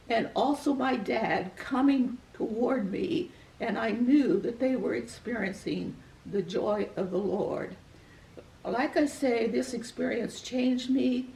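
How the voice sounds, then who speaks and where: Older woman, heartfelt storytelling, raspy low fry, roomy far-off recording. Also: a little hiss or hum. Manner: gentle, earnest, reflective. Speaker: guest sharing a personal testimony. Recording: echoey room, voice from far off the mic.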